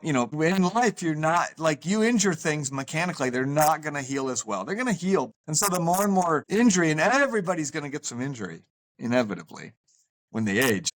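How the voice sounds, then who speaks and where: Hombre médico, reflexivo y serio. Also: male voice, a little high, fairly bright tone. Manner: earnest, reflective, explains at length. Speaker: podcast guest, physician. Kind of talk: casual chat.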